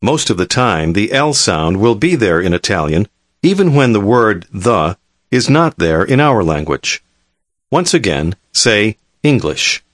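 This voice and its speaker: A man narrating a language lesson in a calm, measured, clearly enunciated scripted delivery. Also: fairly low pitch, dry recording, studio quality.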